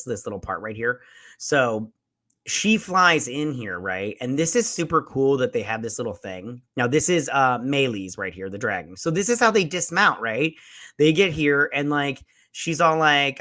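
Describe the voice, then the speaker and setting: With a sharp tone and mid-range voice, a man hosting a show rambles through a profane, casual recap of a TV episode, stumbling over plenty of fillers and restarts.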